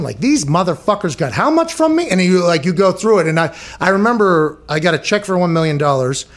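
Loud profane man ranting on a podcast. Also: fairly high pitch. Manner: loud, animated, swears freely, ranting. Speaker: podcast host. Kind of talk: casual profane sports podcast chat.

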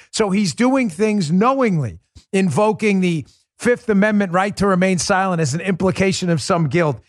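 A man's voice: sits high, no room sound, clean studio sound. A middle-aged man hosting a podcast, giving an emphatic, conversational opinion monologue and repeating points for stress. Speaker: podcast host.

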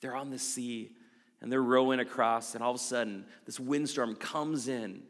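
A male pastor delivering an earnest, conversational sermon, leaning hard on quoted verses. His voice sits at a typical male pitch. The sound rings out with the long reverb of a large hall. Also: fairly even intonation, moderate pace.

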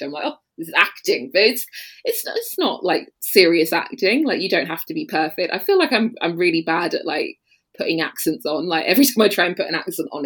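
A woman with a London English accent talks casually as a podcast guest. Her voice sits low, and she chats in a loose, friendly way, full of fillers and quick laughs. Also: breathy edge. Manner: chatty, laughs often, many fillers. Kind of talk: casual interview chat.

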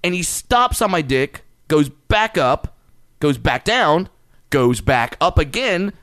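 A man casually telling a profane, animated story in a podcast chat, getting louder and higher as it builds. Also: a little slow, dry recording, studio quality.

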